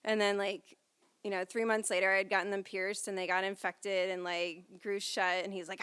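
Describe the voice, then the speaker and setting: A woman's voice: mid-range voice, animated, measured pace, a bit bright, clear, resonant tone. A woman hosting a live reading event, telling playful, self-deprecating stories with lots of "um" and "like". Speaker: event hostess. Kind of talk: comedic stand-up style hosting.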